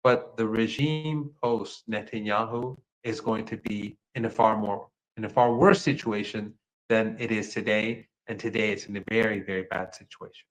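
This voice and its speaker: A man's voice: on the low side, fairly even intonation, moderate pace, low-quality recording. A man giving earnest political commentary as a guest on a video call, emphatic and restarting his sentences.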